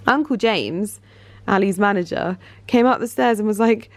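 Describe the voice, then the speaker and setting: A woman's voice: moderate pace, highs cut off. Chatty woman vlogging. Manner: chatty, animated, jumps to high baby talk with her dog. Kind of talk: casual vlog chat.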